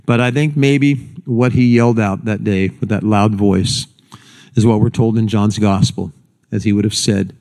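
A man's voice: on the low side, normal speed. A man preaching a sermon, telling the story with feeling and acting out the people he quotes. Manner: animated, acts out quoted speakers in raised voice. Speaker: pastor.

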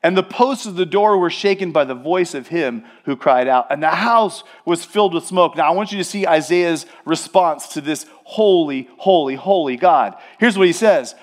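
A pastor preaching a sermon to his congregation, emphatic, slowing down to stress repeated words and speaking straight to his listeners. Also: fairly high pitch. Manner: addresses the congregation directly.

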